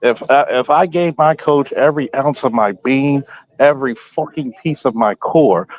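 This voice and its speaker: A man's voice: medium pitch, moderate pace, poor audio. Blunt, profane man, storyteller. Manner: quotes himself often. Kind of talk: casual podcast chat.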